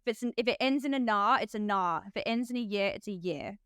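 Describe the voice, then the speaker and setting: A woman's voice: medium pitch, quick pace, fairly bright tone, clean tone, no room sound, clean studio sound. A woman with an Australian accent hosting a podcast as a nurse, chatty and laughing often, with lots of "like". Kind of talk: casual podcast chat.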